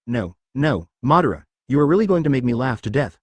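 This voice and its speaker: A man's voice: mid-range voice, big pitch swings, fairly quick, no room sound. A man reading the lines of a cheerful, talkative male ninja leader ghost who teases others, in a synthetic storybook voice. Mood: teasing. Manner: laughs loudly and teases.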